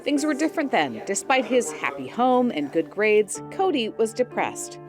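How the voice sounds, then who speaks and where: A woman reporting as a TV reporter, reading a scripted news voice-over in a measured, expressive way. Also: on the high side. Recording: faint music bed underneath.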